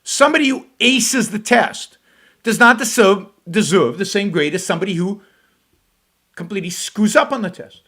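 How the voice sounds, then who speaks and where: Scornful high-pitched man commenting. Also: moderate pace, sharp tone. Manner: mocking, scornful, emphatic. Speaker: show host reacting to a clip. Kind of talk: sarcastic commentary on a video clip.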